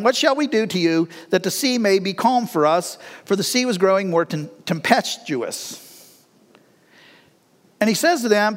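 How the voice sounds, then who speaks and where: A middle-aged man preaching a sermon in a folksy, animated way, with laughs between his lines. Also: sits high, long reverb tail. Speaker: pastor.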